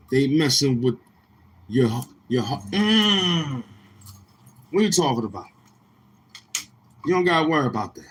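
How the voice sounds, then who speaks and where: A man hosting a live stream, mocking someone in a slow drawl with drawn-out hums. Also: mid-range voice, slight background noise, low-quality recording. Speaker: livestream show host. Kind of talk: trash-talking live stream commentary.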